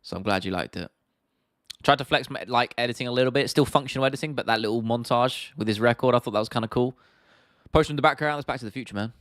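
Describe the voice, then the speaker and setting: A young man with a London accent hosts a casual livestream Q&A, loosely chatting as he reads out and answers viewer comments. His mid-range, fairly bright voice moves fast, captured in studio quality with no echo.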